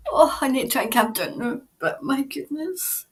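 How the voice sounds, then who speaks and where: Emotional Scottish woman, high voice. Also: very animated, normal speed. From Scotland. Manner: emotional, breathless, stops to compose herself. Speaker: tarot reader host. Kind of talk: tarot reading video.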